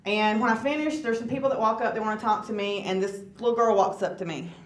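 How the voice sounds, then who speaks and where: A woman's voice: a little high, fast. Brief: woman, guest speaker, earnest and conversational testimony, roomy church hall sound. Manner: earnest, conversational, asks the audience questions. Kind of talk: personal testimony talk.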